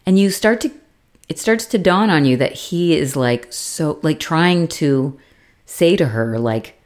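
A woman with a fairly low voice recaps a TV series in casual chat. She talks with lots of fillers and throws herself into the quoted lines, jumping up in pitch and sometimes shouting when the story gets heated. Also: unhurried. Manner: animated retelling, acts out quotes with big pitch jumps. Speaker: podcast co-host.

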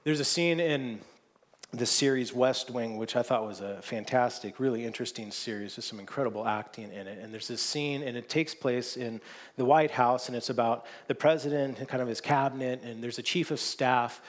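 A man's voice: medium pitch, normal speed. A man preaching a sermon, earnest and often restarting his words, rising into emphatic stretches. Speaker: pastor.

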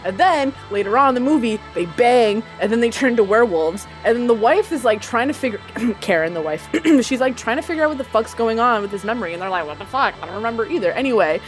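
A woman co-hosting a podcast, rambling through a profane, casual movie recap full of "like" and quick asides. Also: a little high, expressive, soft background music. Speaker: podcast co-host.

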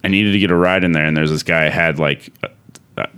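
Male comic guest, very low, smooth voice, loose rambling sweary storytelling. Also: fairly even intonation, quick pace, a bit bright. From Denver area. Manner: rambling, heavy swearing, many filler words. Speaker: comedian guest. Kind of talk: casual storytelling.

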